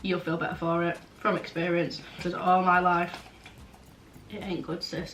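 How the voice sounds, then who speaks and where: A young vlogger chats frankly in a casual Q&A, blunt and full of "like" fillers. Her lowish, fairly bright voice is flat and a little slow, and the roomy recording sounds slightly distant with faint background noise.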